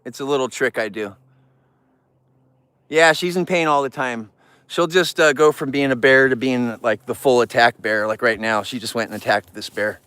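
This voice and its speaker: A man hosting a casual live stream among bears, talking in a relaxed, rambling way and thanking viewers in chat. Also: moderate pace, clear, resonant tone, dry recording. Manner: cooing baby talk to the bears, squealing high. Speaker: livestream host with bears.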